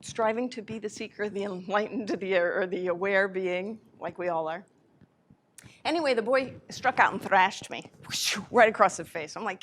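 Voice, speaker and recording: A woman with a mid-range voice tells personal stories to a live audience. She speaks as a spiritual teacher, animated and chatty, and often stops to rephrase herself mid-sentence. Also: medium pitch, moderate pace, a little hiss or hum. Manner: animated anecdotes with self-corrections. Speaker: spiritual teacher giving a lecture. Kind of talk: live lecture storytelling.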